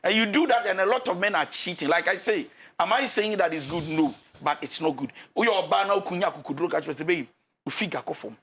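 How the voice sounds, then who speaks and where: A man's voice: high voice, a little fast, hardly any pauses, fairly bright tone. A man with a Ghanaian accent giving marriage advice as a pastor on a talk show, switching between English and Twi and acting out the quarrels of couples. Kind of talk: animated talk-show counsel.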